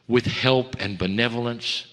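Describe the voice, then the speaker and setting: A long hall reverb surrounds a man's medium-pitched voice as he shares a channeled spiritual message with an audience. His delivery is gentle and measured, marked by emphatic pauses, and he calls his listeners dear ones.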